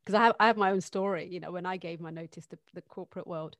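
A woman hosts a podcast and asks probing questions in a chatty, restarting way. Her voice sits a little low for a woman. It is recorded dry and close, with no room echo. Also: steady tone, fast, a bit bright. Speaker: podcast host. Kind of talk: casual podcast interview.

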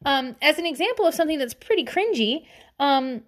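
Chatty Southern woman, lively pitch. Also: a little fast. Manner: chatty and rambling, laughs often, lots of filler words. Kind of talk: casual storytelling chat.

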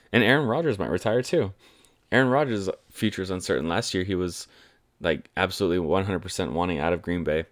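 A man's voice: low-pitched, expressive, moderate pace, no room sound, clean studio sound. A man in his twenties giving an enthusiastic, chatty fan's take on football. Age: 20s. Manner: chatty, enthusiastic fan rambling. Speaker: sports commentator. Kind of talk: casual sports talk monologue.

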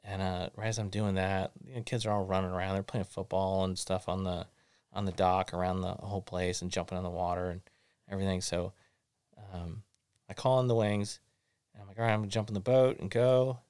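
A man hosting a casual chat, telling a long family story in a rambling, animated way with many fillers. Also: sits low, brisk, clean tone, no echo, studio quality. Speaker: podcast host.

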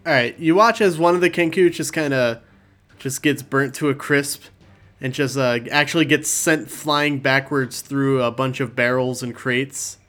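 A man with a medium-pitched voice narrates as the game master of a tabletop game. He stays calm and unhurried, chuckling between lines.

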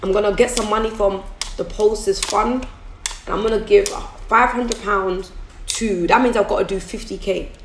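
A woman's voice: medium pitch, steady tone, moderate pace, slight background noise. A businesswoman on a phone livestream, giving an emphatic, repetitive motivational talk. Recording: echoey room, faint music behind.

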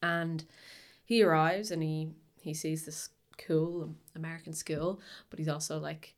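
A chatty young woman with a fairly low voice co-hosts a relaxed podcast about a film. She rambles a little, circling back with fillers and restarts as she gathers her thoughts, then pushes on with enthusiasm. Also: a little slow. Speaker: podcast co-host. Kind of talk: casual chat about a film.

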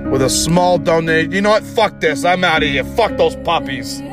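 A man's voice: normal speed, over loud music, natural voice. A man voicing a bitter, jilted man who rants and swears at his ex in a comedy bit. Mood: ranting. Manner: ranting, profane, swinging from low growl to shrill.

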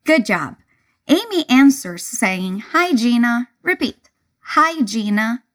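A woman teaching English pronunciation, speaking clearly and deliberately and breaking phrases into single words for the listener to repeat. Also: on the high side, big pitch swings, fairly bright tone. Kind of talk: slow repeat-after-me pronunciation lesson.

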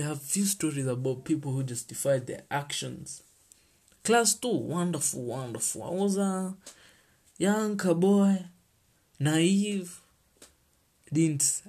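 Husky-voiced Kenyan teen host. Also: male voice, mid-range voice, darkish tone. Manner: chatty, mixes in Swahili slang, heartfelt. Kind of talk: casual solo podcast chat.

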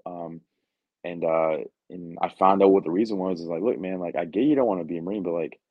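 A man's voice: deep voice, a little fast, no echo, narrow, tinny audio. A young man, a Marine recruiter, telling a story casually on a podcast, slangy and blunt with lots of fillers. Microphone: podcast mic.

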